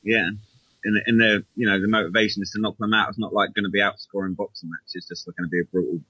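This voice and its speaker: A man's voice: fairly low pitch, level tone, quick pace, bright, forceful tone, husky, dry recording, low-quality recording. A man in casual chat as a podcast co-host, rambling and hesitant, often restarting his sentences, heard over an online call.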